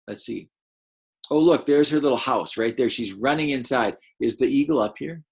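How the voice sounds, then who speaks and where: A man teaching a first-grade class, reading a picture book aloud and gently encouraging the children to read along. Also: mid-range voice, normal speed, gravelly, husky. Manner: gentle, encouraging, explains as he goes.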